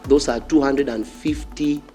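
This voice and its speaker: A man's voice: mid-range voice, steady tone, measured pace, over music. A man with a Kenyan accent preaching a fiery sermon, repeating phrases and challenging his listeners directly. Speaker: pastor.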